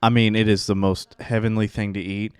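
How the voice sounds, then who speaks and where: A fairly low-pitched man hosting a podcast, talking in an energetic, rambling way full of restarts. His voice is dry and close to the mic, with no room sound around it. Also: brisk, clean tone, no echo. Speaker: podcast host. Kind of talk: casual chat.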